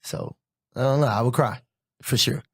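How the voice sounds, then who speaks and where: Reflective man, slow halting talk. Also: medium pitch, creaky, breathy edge, no echo, studio quality. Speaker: podcast co-host. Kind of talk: casual chat.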